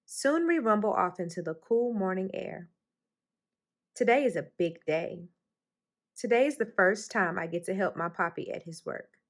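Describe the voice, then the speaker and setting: A woman reads a children's picture book aloud at a storytime session. Her voice sits at a middle pitch and stays steady through the narration. She lifts it brightly whenever a character speaks. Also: normal speed. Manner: expressive, lifts her voice high for the characters' lines. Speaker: storytime reader.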